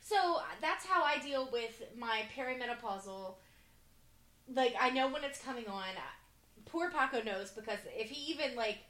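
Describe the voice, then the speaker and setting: A woman's voice: high-pitched, animated, normal speed, fairly bright tone, reverberant. A woman in her forties chatting casually, telling stories with frequent laughter. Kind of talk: casual chat.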